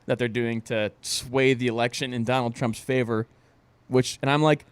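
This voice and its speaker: A man's voice: medium pitch, flat delivery, normal speed, smooth, no room sound. Profane, ranting podcast co-host man. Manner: ranting, profane, laughs often. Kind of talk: casual chat.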